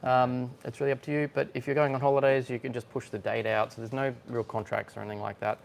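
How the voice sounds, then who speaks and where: Gravelly-voiced chatty barista. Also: male voice, mid-range voice, level tone, fast, a little hiss or hum. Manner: chatty, laughs often, explains hands-on. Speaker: barista and coffee shop host. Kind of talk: casual chat while working. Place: coffee shop espresso bar.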